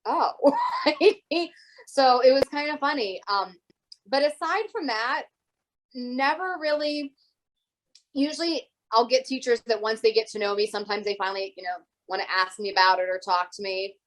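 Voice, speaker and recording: A woman teacher talking casually as an interview guest, telling lively stories and acting out the voices of the people in them. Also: fairly high pitch, normal speed, rough recording. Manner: animated storyteller who acts out other people's voices.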